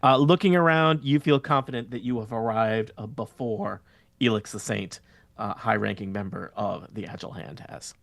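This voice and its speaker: Gravelly man running a tabletop game. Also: fairly low pitch, moderate pace, a bit bright, no room sound. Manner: rambling, many filler words. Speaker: dungeon master.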